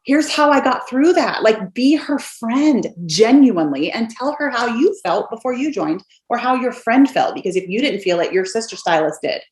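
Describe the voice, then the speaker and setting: A woman's voice: a little high, expressive, normal speed, few pauses, darkish tone, echoey room. A woman in her thirties coaching her sales team in a casual, upbeat way, acting out sample messages from her home office. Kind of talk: casual coaching talk to camera.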